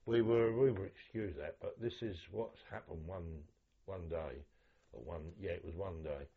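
An older man from London, a veteran telling war stories in an oral history interview, lively and acting out the voices in his anecdotes. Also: low voice, normal speed, creaky, narrow, tinny audio, a little hiss or hum.

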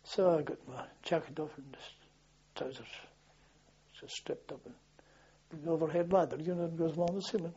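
An older man spins a rambling army yarn, doubling back on his words and chuckling. His voice is husky and dark-toned, sitting a little high. The tape sounds muffled and lo-fi. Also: moderate pace. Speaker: interviewee recalling army service. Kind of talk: oral history reminiscence. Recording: dull lo-fi archive tape.

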